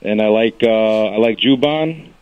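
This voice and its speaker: A man's voice: on the low side, unhurried. A man from Chicago calling in to a radio show, rambling through his picks with many fillers. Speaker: caller. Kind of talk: casual call-in betting talk. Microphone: phone line. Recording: dull dry phone line.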